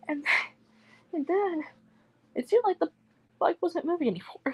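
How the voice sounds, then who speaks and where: A woman's voice: high voice, lively intonation, normal speed, pauses often, a little mellow, rough recording. Rambling young woman telling stories. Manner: rambling storytelling with restarts. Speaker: livestream guest. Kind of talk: casual livestream chat.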